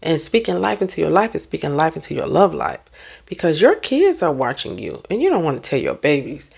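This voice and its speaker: A woman therapist and life coach giving animated, preachy advice in a casual motivational vlog, talking back to online commenters. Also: low-pitched, fairly quick, creaky, slightly rough. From United States.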